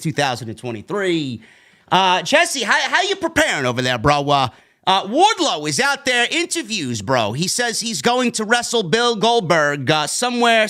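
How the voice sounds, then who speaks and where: Hyped, swearing high-voiced man from New York. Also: bright, forceful tone. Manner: hyped, profane, repeats "man" constantly. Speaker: wrestling show reviewer and host. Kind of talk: livestream wrestling podcast chat. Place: home basement.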